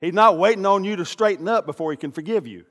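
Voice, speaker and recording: An older man preaching a sermon, animated, swinging from loud bursts to hushed asides. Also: sits high, fast. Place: church sanctuary. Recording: long reverb of a large hall.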